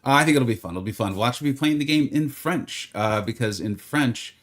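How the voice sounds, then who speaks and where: A man's voice: medium pitch, expressive, fairly quick, a bit bright. A man streaming a game live, chatting casually and greeting viewers by name in a rambling, friendly way. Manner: rambling, with many fillers.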